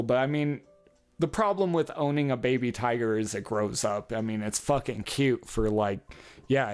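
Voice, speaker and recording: Rambling, foul-mouthed male podcaster. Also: medium pitch. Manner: rambling, heavily profane, chuckles often. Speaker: podcast host. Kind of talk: casual solo podcast monologue.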